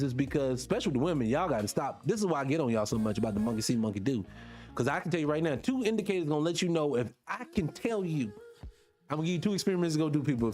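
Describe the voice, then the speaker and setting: A man's voice: fairly high pitch, darkish tone. Blunt preachy radio host, man. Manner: blunt, preachy, addresses listeners directly. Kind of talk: casual morning radio talk.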